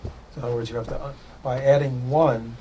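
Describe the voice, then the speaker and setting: A man taking part in a religious study class, working through a point out loud and phrasing it tentatively. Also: medium pitch, fairly even intonation, brisk, a little hiss or hum, poor audio. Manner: thinks aloud, tentative questions. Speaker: student in the class. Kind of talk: class discussion.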